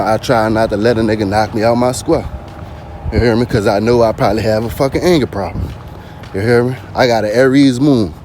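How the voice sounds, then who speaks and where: A man's voice: mid-range voice, darkish tone, a little hiss or hum. A man vlogging in a casual spoken monologue, slangy and constantly asking "you hear me".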